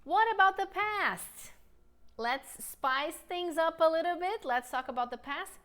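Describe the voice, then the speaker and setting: A woman teaching an online English lesson, upbeat and coaxing, slowing down to model sentences for learners to repeat. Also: very high voice, animated, a bit bright.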